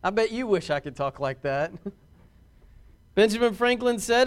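Pastor guy preaching, kinda high voice, earnest and heartfelt. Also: expressive, measured pace, long pauses, clean tone. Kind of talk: sermon.

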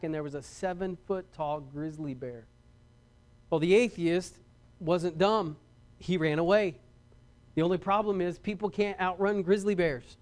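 A man preaching a sermon and telling a story, swinging from loud, rising passages to quiet ones, often repeating words and restarting. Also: sits high, clear, resonant tone.

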